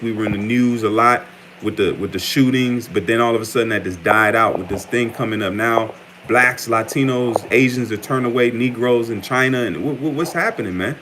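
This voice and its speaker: A man's voice: mid-range voice, fairly bright tone, a little hiss or hum. An American man preaching informally, reading scripture aloud and talking in a loose, conversational way, often restarting words and tagging sentences with "man". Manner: conversational, repeatedly says "man", frequent stammers and restarts. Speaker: preacher giving an online update.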